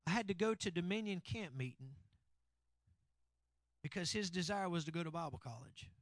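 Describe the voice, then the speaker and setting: A man's voice: high voice, lively intonation, moderate pace, no echo. A male pastor preaching a sermon, calling out to the congregation. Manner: preachy call-and-response with congregation.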